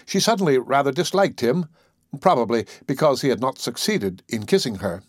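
Expressive male storyteller, dry and close. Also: medium pitch, moderate pace, breathy edge, dry recording. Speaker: narrator. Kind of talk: scripted narration.

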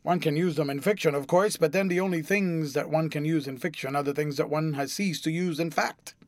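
A languid, witty gentleman of leisure who tosses off cynical epigrams in an airy, amused drawl, as a male narrator puts him on. His voice sits a little high and is heard close and dry, with no room sound, in an audiobook. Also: a little fast, no echo, close to an everyday voice.

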